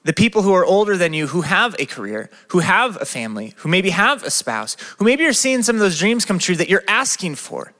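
Bright-voiced man preaching in a hall. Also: high-pitched, brisk, hardly any pauses. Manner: lively, asks the crowd many questions. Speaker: pastor. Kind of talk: sermon. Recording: long reverb of a hall.

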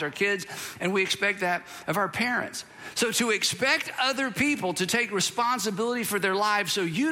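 A man preaching a sermon in a church sanctuary, talking in a conversational way and hammering points home by repeating them. His voice sits high and sounds bright and forward. The sound carries a long reverb from the hall. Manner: conversational, self-deprecating, emphatic repetition. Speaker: pastor.

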